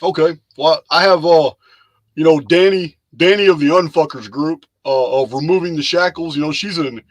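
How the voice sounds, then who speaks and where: A man from Texas runs a casual live stream, rambling loosely and often repeating himself. His voice is a little high and he talks at a normal speed. The recording has no echo.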